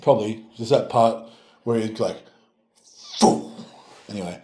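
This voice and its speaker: A man's voice: on the low side, a little fast, mellow. Sarcastic man in a roomy room. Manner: sarcastic, playful mock-scolding. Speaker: strength coach. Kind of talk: casual reaction video chat.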